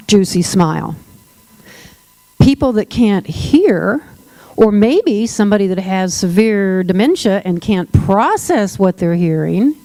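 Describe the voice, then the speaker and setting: A woman's voice: medium pitch, dark tone, no echo, poor audio. A woman presenting a workshop on dementia care. She speaks emphatically and addresses the audience directly. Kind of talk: workshop talk to a live audience.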